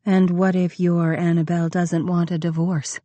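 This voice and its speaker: A woman's voice: fairly low pitch, level tone, normal speed, mellow, no room sound, close to an everyday voice. A woman reading the part of a young woman who has been deceived by her lover, speaking emotionally and accusingly. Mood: hurt.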